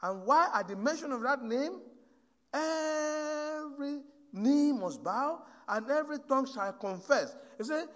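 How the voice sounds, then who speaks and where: A man preaching a sermon, telling a story and swinging from hushed asides to loud exhortation. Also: very high-pitched, expressive, unhurried, in a large hall.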